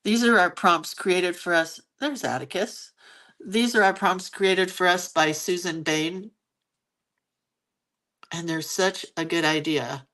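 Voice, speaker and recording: Woman host of a relaxed live doodle lesson, talking slowly and chattily as she draws, on a phone mic. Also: on the low side. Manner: chatty, thinks aloud while drawing. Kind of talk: casual live drawing tutorial. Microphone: phone camera.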